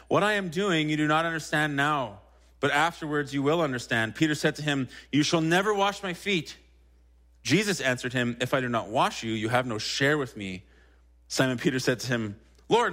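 Young guy pastor preaching in church, chatty, keeps saying "right?", mid pitched voice. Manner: conversational, frequent "right?" asides, animated when quoting Peter. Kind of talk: sermon.

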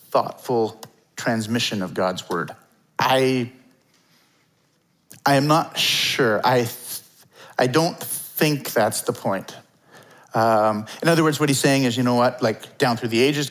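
A man delivering a sermon to a room full of listeners, with a medium-pitched voice. He talks in an easy, conversational way and breaks into little acted-out asides. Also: rough recording. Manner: conversational, animated preaching with fillers and acted asides. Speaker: pastor. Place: church hall before a congregation.

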